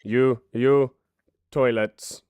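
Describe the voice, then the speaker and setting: A man voicing a curt French pirate crewman who barks slow, clipped orders in broken English, in a tabletop game. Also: medium pitch, steady tone, darkish tone, clear, resonant tone, dry recording.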